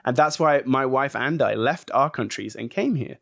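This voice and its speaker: A man from England, a guest actor telling stories in a casual podcast interview, chatty and animated. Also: medium pitch, normal speed, vocal fry, no echo, studio quality. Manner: chatty, animated storytelling with acted quotes.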